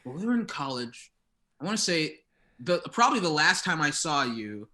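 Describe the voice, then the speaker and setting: A man playing a deadpan, rambling college drug dealer turned drummer on an improvised comedy podcast. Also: a little high, moderate pace. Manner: rambling, deadpan tall tales. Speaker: guest playing a character.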